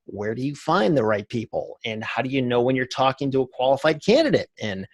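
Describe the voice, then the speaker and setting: A man's voice: medium pitch, very animated, a little fast, no room sound. Casual male podcast host, dry sound. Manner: conversational, loose with fillers like "like". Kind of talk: casual interview chat.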